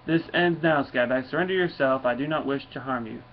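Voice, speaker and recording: A man's voice: mid-range voice, brisk, lightly acted. A man voicing a stern, solemn male thunder god with formal speech, on a dull lo-fi recording with faint noise.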